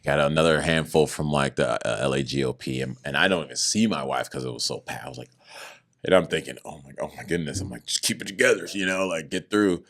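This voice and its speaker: A man with a remarkably deep, low voice shares a personal testimony in conversation. He speaks earnestly about his faith and brings the story to life by acting out what other people said. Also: fast talker. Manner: animated, acts out other people's words in raised voices. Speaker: podcast guest.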